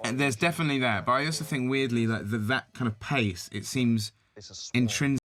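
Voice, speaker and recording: A man's voice: mid-range voice, a little fast, fairly bright tone. A man in casual film-commentary chat, rambling with many fillers. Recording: faint music behind.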